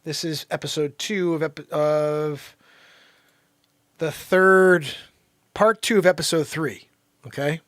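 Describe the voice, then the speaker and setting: A man hosting his comedy show, chatting in a casual, excited and upbeat way and laughing often. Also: a little high, slow pace, pauses often, dry recording, studio quality. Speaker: show host.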